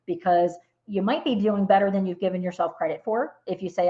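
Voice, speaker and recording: A woman's voice: on the low side, fairly quick, dark tone, highs cut off. A middle-aged woman, a financial planner, telling client stories earnestly as a podcast guest. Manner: earnest storytelling. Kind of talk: podcast interview.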